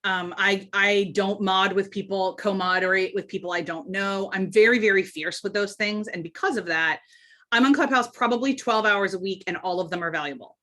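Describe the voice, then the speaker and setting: A woman's voice: medium pitch, normal speed, pushed and bright. A woman talking as a podcast guest, emphatic and candid, often restarting her sentences in casual interview chat.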